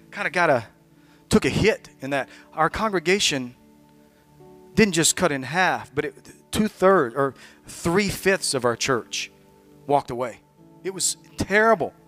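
A man preaching as a visiting pastor, building from halting personal testimony to fervent, emphatic exhortation with frequent restarts. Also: fairly high pitch, fairly bright tone. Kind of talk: sermon.

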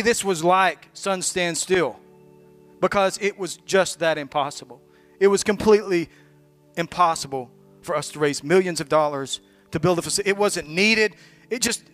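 High-voiced man preaching a fervent sermon. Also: fairly bright tone. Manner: emphatic, building to fervent exhortation with repeated restarts. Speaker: visiting pastor.

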